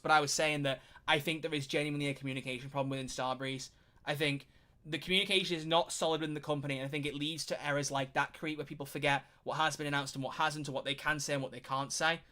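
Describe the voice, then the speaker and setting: A man chatting casually on his live stream, reacting to chat in animated rants and swearing freely. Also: on the high side.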